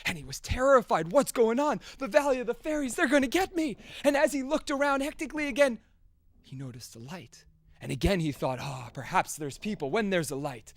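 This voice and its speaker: A man telling a folk tale aloud, animated, swinging from loud bursts to hushes, with sound effects. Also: high voice, no echo. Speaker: storyteller.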